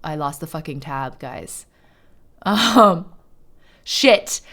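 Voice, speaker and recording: A woman livestreamer in casual chat, reading aloud to her viewers; excitable and chatty, swearing freely. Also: low voice, extremely slow.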